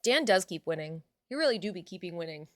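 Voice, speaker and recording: A woman's voice: on the low side, animated, fast talker, dry recording, studio quality. A young adult woman chatting casually on a live stream, reading out her chat and swearing now and then.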